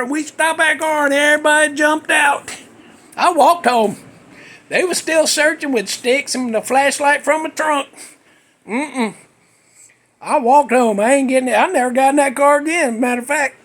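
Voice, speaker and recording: High-voiced husky male storyteller. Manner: animated, folksy, acts out quotes. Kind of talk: casual comic storytelling.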